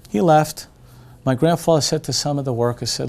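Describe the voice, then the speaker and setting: An older man telling a family anecdote in a casual, animated way. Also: fairly high pitch, fast. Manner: animated storyteller who acts out quoted voices. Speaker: restaurant family member telling a story.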